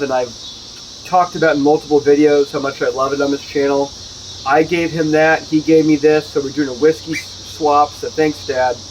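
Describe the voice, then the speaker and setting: A man's voice: fairly high pitch, slight background noise, poor audio. A man giving a casual, jokey whiskey review outdoors at home, full of chatty asides. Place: outdoors at home, with neighbors nearby.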